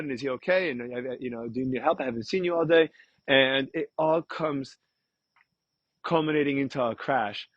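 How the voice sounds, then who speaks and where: A man's voice: mid-range voice, no room sound, lo-fi sound. A man hosting a podcast, telling a personal story in a rambling way, with stammered restarts and repeated words. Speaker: podcast host. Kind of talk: casual storytelling monologue.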